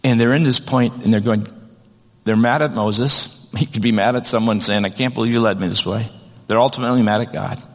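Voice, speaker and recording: A man's voice: lowish voice, steady tone, brisk, long reverb tail. A man delivering a sermon as pastor, talking in a conversational way with frequent restarts and reading scripture aloud. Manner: conversational preaching with many restarts and "kind of".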